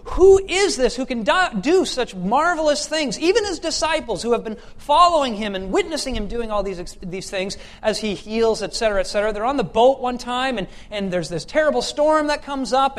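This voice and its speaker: A male preacher with a notably high voice reads scripture and then preaches in a chatty, storytelling way. He stumbles and restarts often, then builds to emphatic, ringing questions. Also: brisk, hardly any pauses. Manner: conversational, with fillers and restarts, rising to emphatic questions. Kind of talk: scripture reading and sermon.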